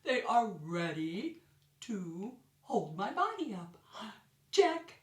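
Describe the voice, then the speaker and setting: Woman, kids' ballet teacher, slow deliberate delivery, roomy distant sound, faint music behind. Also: medium pitch. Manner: animated, gasping, cheerful counting for small children. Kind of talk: children's ballet class instruction.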